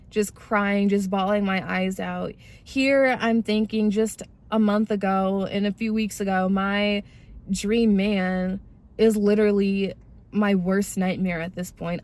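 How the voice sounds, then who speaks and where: A young woman speaks to her audience in a casual, candid way, calling them "y'all" as she works through a personal testimony. Her voice sits in a middling pitch, and her storytelling is conversational rather than polished. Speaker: vlogger sharing a personal testimony.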